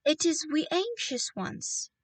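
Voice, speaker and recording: A timid old witch servant who speaks slowly and meekly, as if afraid of her mistress, as a woman puts her on. Her voice sits a little higher than usual, like a storybook read-aloud. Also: sing-song, no room sound, recorded from a distance, heavily acted. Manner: meek and hesitant, slow.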